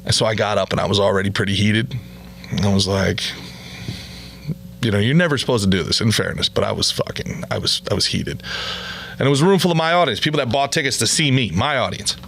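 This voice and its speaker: Gravelly, profane comedian ranting. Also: male voice, on the low side, animated, quick pace, fairly bright tone, a little hiss or hum. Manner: profane, blunt and scornful. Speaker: podcast host and comedian.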